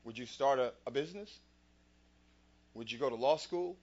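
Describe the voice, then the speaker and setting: A man's voice: mid-range voice, moderate pace, darkish tone. A male host giving a motivational talk in a preacher-like way, with rhetorical questions and scripture. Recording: dull lo-fi sound.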